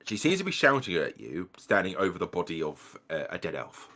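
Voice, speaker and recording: A man's voice: low-pitched, sing-song, a little fast, bright, forceful tone. A man running a tabletop game as game master, narrating scenes casually with fillers and swearing.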